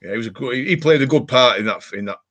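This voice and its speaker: A man's voice: medium pitch, expressive, very fast, a bit bright, slight background noise. A middle-aged man from England hosting a live chat show, talking in a blunt, matey way and swearing freely. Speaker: host of a live detecting show. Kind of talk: casual live-stream chat.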